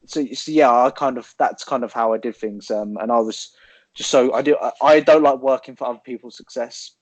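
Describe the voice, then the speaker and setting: A man in his twenties, a guest telling his story in relaxed casual chat, rambling and swearing. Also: medium pitch, fairly quick, no room sound. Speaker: podcast guest, online coach. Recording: dull, dry lo-fi sound.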